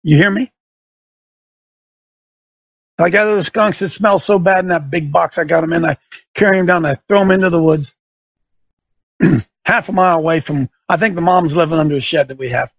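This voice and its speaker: A middle-aged man hosts his show, telling a homespun story and hammering home a lesson like a preacher. His voice sits high and husky, with a gravelly edge. The sound is dry and a little muffled. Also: normal speed, pauses often, dry recording. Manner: folksy storytelling, rising to emphatic exhortation. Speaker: show host. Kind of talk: preaching radio monologue. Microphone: studio microphone.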